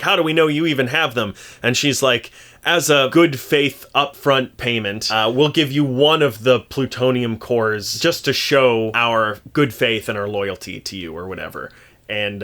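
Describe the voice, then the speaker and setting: Animated sarcastic man reviewing a film. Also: medium pitch. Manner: animated, sarcastic, rising to exasperated yelps. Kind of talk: casual solo film review.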